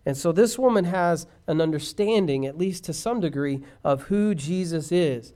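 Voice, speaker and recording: High-voiced preaching man. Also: animated, normal speed, warm tone. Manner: preaching, rising to impassioned crescendos; asks the congregation questions directly. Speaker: pastor. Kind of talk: sermon.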